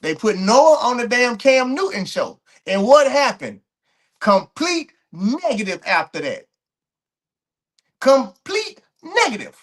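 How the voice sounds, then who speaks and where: Fired-up man ranting, high lively voice. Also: a little slow. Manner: heated, blunt, repeats words and restarts often, laughs between points. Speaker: host of a track and field commentary show. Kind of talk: ranting commentary to camera.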